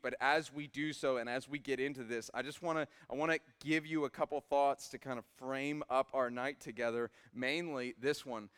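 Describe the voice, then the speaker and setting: A young man in his twenties preaching a sermon in a church, swinging from quiet asides to loud emphatic peaks. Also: mid-range voice, smooth. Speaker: pastor. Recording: hall reverb.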